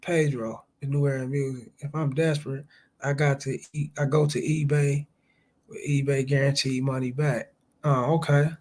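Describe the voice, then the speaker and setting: A man's voice: mid-range voice, little pitch movement, normal speed, a little mellow. A man around forty hosting a casual livestream, talking profanely and reading viewer chats aloud. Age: late 30s to early 40s. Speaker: livestream host.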